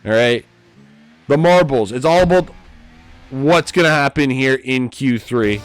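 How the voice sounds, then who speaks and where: A man giving live commentary on a sim race, a bit tipsy, swinging from low mutters to loud excited calls. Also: unhurried, long pauses, clear, resonant tone, faint music behind.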